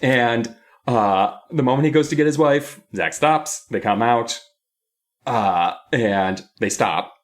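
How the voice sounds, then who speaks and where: A man's voice: mid-range voice, expressive, slow. A man co-hosting a podcast, recapping a book episode in a playful, rambling way. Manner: playful, rambling, often laughing. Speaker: podcast co-host.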